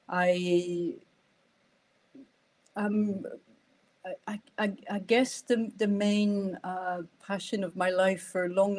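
A woman's voice: on the low side, a little mellow. A French-born woman with a Scottish accent tinged with Irish, talking as a guest in a hesitant, restarting way with frequent laughter. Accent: Scottish with French and Irish traces. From France. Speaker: guest, nonviolent communication trainer. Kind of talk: casual conversation.

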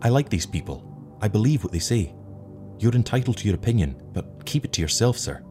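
A man's voice: deep voice, lively intonation, moderate pace, a little mellow, soft background music, voice pushed up. A man voicing an earnest, defiant young crewman who speaks with passion.

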